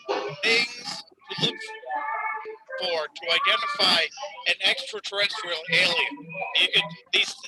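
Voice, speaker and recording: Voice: mid-range voice, rough recording. A member of a club meeting, chatting on a video call and telling jokes with many restarts. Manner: joke-telling, restarts a lot. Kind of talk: casual video-call chat. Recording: video-call audio with loud music behind. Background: music playing.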